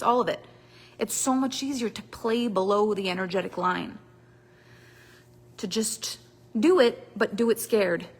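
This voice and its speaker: A woman coach delivers a motivational talk with a slightly high voice. She drives points home by repeating words and swings between loud bursts and quiet asides. The sound carries a long hall reverb. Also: breathy edge. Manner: emphatic, repetitive, dramatic shifts in loudness. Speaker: business coach.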